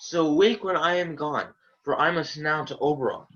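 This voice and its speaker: A young man playing a mischievous fairy servant, speaking verse slowly and deliberately over an online call in an amateur student Shakespeare performance. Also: a little high, a bit bright, close to an everyday voice. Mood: sly. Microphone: video call. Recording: dull lo-fi online audio.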